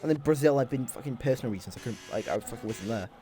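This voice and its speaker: A young man in a mid-range voice gives rapid-fire, excitable and sweary live commentary on a sim race while bantering with his chat.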